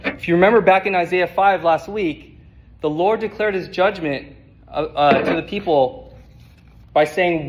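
A male preacher giving an expository sermon, speaking in a measured, emphatic way and sometimes repeating words as he thinks. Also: fairly high pitch, low-quality recording.

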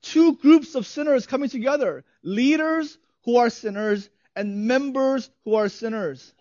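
A man's voice: very high voice, measured pace, a little mellow, no echo, lo-fi sound. A man in his thirties preaching a sermon as a pastor, conversational, often asking "right?" and laughing lightly.

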